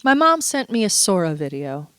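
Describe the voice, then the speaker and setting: A woman's voice: medium pitch, big pitch swings, moderate pace, fairly bright tone, smooth, no echo. A woman vlogger in a casual, chatty monologue, playful and full of asides, a little stuffy and under the weather. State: stuffy, feeling unwell.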